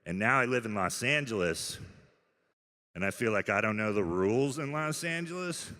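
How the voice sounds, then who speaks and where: This stand-up comedian, a man, delivers a routine from a comedy club stage, mostly deadpan and story-driven but punctuated by abrupt loud outbursts. He speaks at an ordinary speed in a fairly low, bright, forceful voice, with long hall reverb trailing the live audio.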